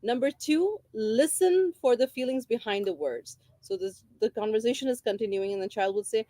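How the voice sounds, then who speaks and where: A woman's voice: on the high side, lively intonation, moderate pace, warm tone, no room sound. A woman giving an informal talk on parenting, explaining a book's ideas and repeating key phrases for emphasis. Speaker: parenting educator.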